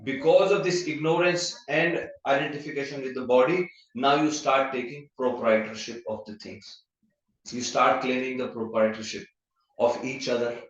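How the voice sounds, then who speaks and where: A man of middle pitch gives an easygoing scripture class, telling everyday stories and slipping Sanskrit terms into his talk. His voice rings through a very echoey temple hall. The recording sounds muffled and dull. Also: fairly even intonation, moderate pace. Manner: anecdotal, mixes Sanskrit terms into plain talk.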